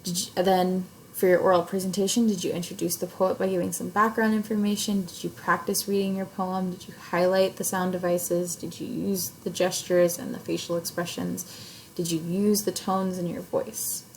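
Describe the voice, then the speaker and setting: A young adult woman with a lowish, level, slightly mellow voice speaks at normal speed. She's an English teacher filming a lesson of herself at home or in a class setup, casually explaining an assignment step by step with plenty of fillers. The audio is poor and has a bit of hiss or hum.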